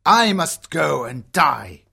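A woman's voice: low voice, big pitch swings, takes it slowly, vocal fry, pushed and bright, breathy edge, pitched below the performer's own voice, heavily acted. A woman voicing a sorrowful old father in a storybook reading, sad, pleading and tender. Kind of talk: storybook character voice.

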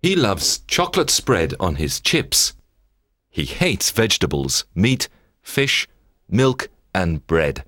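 A man narrating a children's story in a scripted, expressive read-aloud manner. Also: low voice, takes it slowly, no echo, clean studio sound.

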